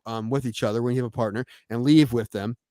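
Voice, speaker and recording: A man's voice: mid-range voice, fairly even intonation, quick pace, warm tone, no echo. Guy on a podcast rambling about reffing, mid voice, dead dry room. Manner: rambling, drops to mutters, swears freely. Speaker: podcast co-host, sports referee. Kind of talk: casual chat.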